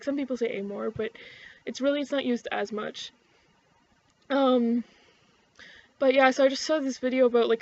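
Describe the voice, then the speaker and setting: A woman's voice: fairly high pitch, darkish tone, lo-fi sound. A young woman with an Ottawa-area Canadian accent, chatting casually to camera in a rambling, sweary way, full of fillers and restarts. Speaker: vlogger.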